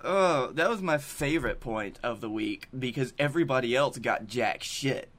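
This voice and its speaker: A young man on a podcast, chatting casually and telling stories with easy swearing. His voice sits at a middle pitch for a man. He talks over a video call. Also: normal speed, a bit bright, a little hiss or hum. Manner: storytelling, swearing, laughs often. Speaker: podcast co-host. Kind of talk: casual chat.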